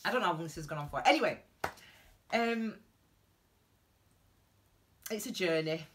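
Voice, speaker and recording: Earnest rambling woman, bright tone. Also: on the low side, lively intonation, a little hiss or hum. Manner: rambling and halting, with many restarts and tangents; earnest and heartfelt. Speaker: tarot reader giving advice. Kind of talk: reflective advice vlog monologue.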